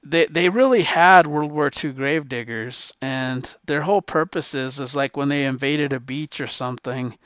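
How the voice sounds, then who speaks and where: Here a man with a mid-range, slightly bright and smooth voice retells a war comic's storyline as a guest responding to a question, talking at a moderate pace with hardly any pauses. It's loose, rambling storytelling packed with fillers, restarts and swearing. There's no room sound, and the audio comes across dull, dry and a little lo-fi.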